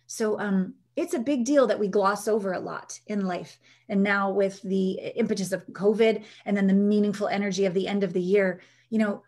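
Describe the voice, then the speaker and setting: Her mid-range voice moves at a moderate pace with hardly any pauses as this woman, an intimacy coach, tells stories in a conversational interview. She brings them to life by acting out what others said.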